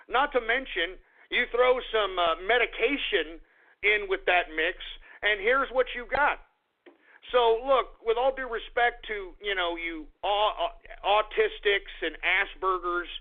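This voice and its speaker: A man hosting a radio show, ranting in a combative, repetitive way. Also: sits high. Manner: combative, repetitive, talks fast and heated. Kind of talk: call-in radio rant. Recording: tinny phone-like radio audio.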